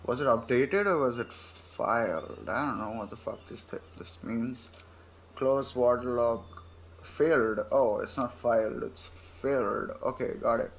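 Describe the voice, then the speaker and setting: A man's voice: medium pitch, unhurried, slight background noise. A young man casually commenting as he plays a video game, thinking aloud in a laid-back, profane way. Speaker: gamer playing through a game. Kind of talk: casual let's-play commentary.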